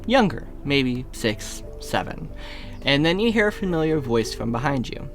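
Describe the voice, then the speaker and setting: A man's voice: mid-range voice, big pitch swings, soft background music. Man narrating a tabletop game. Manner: descriptive, slows for atmosphere, frequent uhs. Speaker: game master.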